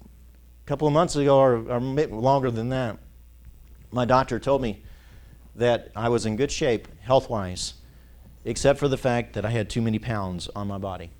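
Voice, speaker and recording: A man preaching a sermon as pastor, asking his congregation to finish his sentences and telling folksy stories with chuckles. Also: mid-range voice. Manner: call-and-response questions to the congregation.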